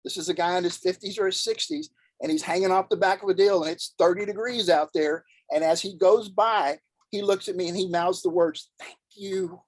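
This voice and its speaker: A man's voice: sits high, fairly quick, no echo, rough recording. A man on a video call, telling a personal story in an earnest, folksy way as a guest speaker.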